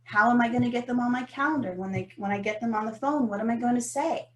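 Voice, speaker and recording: A woman, co-hosting a podcast and telling a story about business in an animated, emphatic way. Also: on the high side, fast. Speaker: podcast co-host. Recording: roomy echo.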